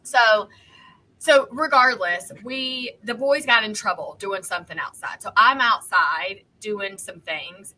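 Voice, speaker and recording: A woman, co-hosting a podcast and telling a story in a heated, animated way. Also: mid-range voice, poor audio. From North Carolina, US. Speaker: podcast co-host. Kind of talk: casual chat, storytelling.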